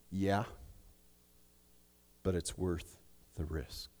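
Male pastor, sermon, emphatic, hushed-to-loud swings, mid pitch, long hall reverb. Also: animated, slow pace, pauses often, husky.

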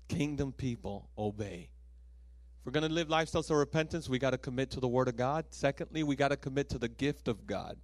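A male pastor preaching a sermon with lively storytelling, acting out voices and laughing at himself. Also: mid-range voice, fast talker, no room sound.

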